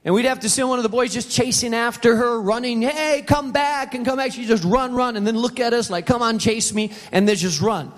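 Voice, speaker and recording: A middle-aged pastor with a fairly high voice preaches to a church auditorium in a relaxed, conversational way, acting out the voices in his anecdotes. The sound has the long reverb of a big hall. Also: fast talker, hardly any pauses. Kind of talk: sermon with personal storytelling.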